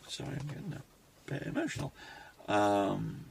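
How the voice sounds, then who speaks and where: A man, talking reflectively to his phone camera in a rambling personal vlog, pausing and restarting often. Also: lowish voice, animated, vocal fry, a little hiss or hum. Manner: reflective, halting, with many restarts. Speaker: vlogger.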